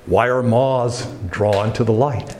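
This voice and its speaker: A man's voice: mid-range voice, steady tone, slow, a little mellow, a little hiss or hum. A man preaching a sermon in a church, talking casually and putting questions to his congregation. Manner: conversational, asks questions of the congregation.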